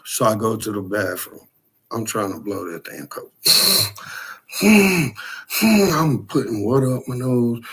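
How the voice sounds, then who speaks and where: A man casually telling a profane, animated story about a frightening night. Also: medium pitch, slightly rough.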